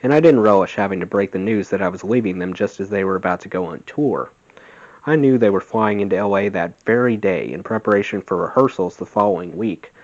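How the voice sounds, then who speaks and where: A man reading a memoir aloud in a steady, plain voice. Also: lowish voice. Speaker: audiobook reader. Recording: dull lo-fi sound.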